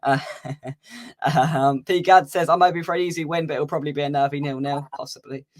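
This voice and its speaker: Chatty higher-voiced man hosting a fan stream. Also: steady tone, brisk. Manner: chatty, laughs often, reads out viewer comments. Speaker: fan channel host. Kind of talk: casual livestream chat.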